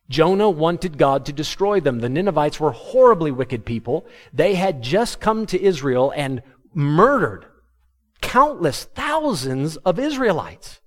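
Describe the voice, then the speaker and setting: A man preaching a sermon to his congregation, animated and humorous, acting out the words of biblical figures. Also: on the high side. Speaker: pastor.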